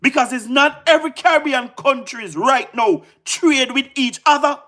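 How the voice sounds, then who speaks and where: A Jamaican man with a very high voice, doing casual livestream commentary. He talks in an excitable rush, repeating words and firing rhetorical questions at his viewers. He laughs often between points. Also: moderate pace.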